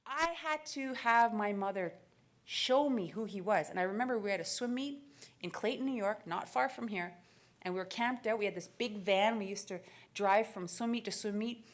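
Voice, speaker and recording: A woman in her thirties from Canada speaks from a conference stage in a middle-pitched voice. She tells her story with lively energy, laughing often and acting out the dialogue. Her delivery is a keynote address told like a personal anecdote. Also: moderate pace. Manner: animated, laughing, acts out dialogue. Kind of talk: storytelling speech.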